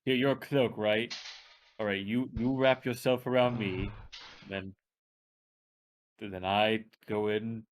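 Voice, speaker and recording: A man playing his character in a tabletop game, deadpan and teasing. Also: fairly low pitch, slow, long pauses. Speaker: player.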